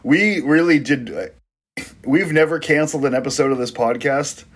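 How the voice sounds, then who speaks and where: A man's voice: fairly high pitch, animated, normal speed, breathy edge. A man co-hosting a podcast, joking and swearing about baseball while he eats. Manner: joking, swearing, laughs often. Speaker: podcast co-host. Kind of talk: casual sports chat.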